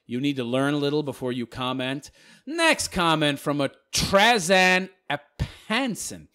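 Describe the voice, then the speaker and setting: A man ranting casually to camera as a video commentator, talking fast in a mocking, sarcastic way. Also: a little high, bright, forceful tone, smooth.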